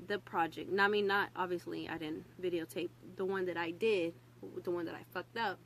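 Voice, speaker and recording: A young woman with a Southern US accent talks straight into a phone propped on a stand in a room at home. Her voice sits a little low, and she stumbles through restarts and fillers while swearing openly. A faint room hum runs underneath. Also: fairly bright tone, low-quality recording. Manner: halting, full of fillers and restarts; candid and swearing. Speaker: vlogger. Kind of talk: casual confessional vlog.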